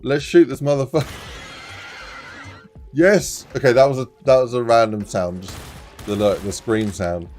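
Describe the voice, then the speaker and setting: A man streaming his game development live, chatting casually and getting excited, laughing often and swearing now and then. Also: mid-range voice, moderate pace, long pauses, faint music behind.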